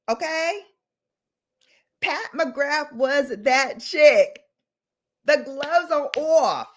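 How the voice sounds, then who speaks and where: A woman's voice: sits high, a bit bright. A woman beauty vlogger ranting in a casual, theatrical and dramatic way, with playful outbursts.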